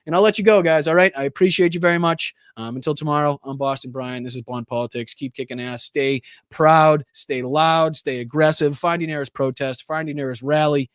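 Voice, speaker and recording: A man's voice: on the high side, fairly even intonation, a little fast, hardly any pauses, clean tone, no echo, clean studio sound. Casual, swearing male livestream host. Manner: loose and casual, swears often. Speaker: host of a political livestream show. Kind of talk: casual livestream chat, thanking viewers.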